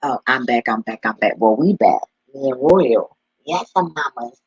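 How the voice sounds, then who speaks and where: A man's voice: mid-range voice, lively intonation, normal speed, husky, dry recording, lo-fi sound. A man talking casually in a vlog, rambling and profane as he tells stories and laughs along the way. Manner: loose, profane, laughing storyteller. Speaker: vlogger and delivery driver.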